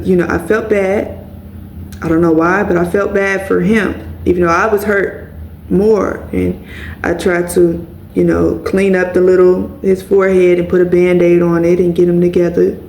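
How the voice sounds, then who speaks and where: A woman's voice: lowish voice, darkish tone, echoey room, slight background noise, low-quality recording. A woman telling a personal story to her viewers in a candid, blunt way, swearing freely and calling them y'all. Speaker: vlogger.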